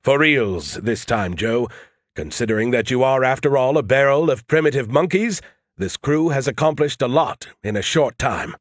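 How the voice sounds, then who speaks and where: A man's voice: medium pitch, animated, normal speed, dry recording, clean studio sound, close to an everyday voice. A man voicing a smug, sarcastic male AI who talks down to people and teases them. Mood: condescending. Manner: condescending, teasing.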